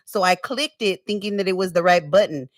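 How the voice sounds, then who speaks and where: A woman's voice: fairly low pitch, fairly quick, no echo, clean studio sound, distant mic. A woman hosting a casual livestream, talking over her topic in a slangy, easygoing way and calling her viewers y'all. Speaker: livestream host. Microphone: wearing earphones on a stream setup.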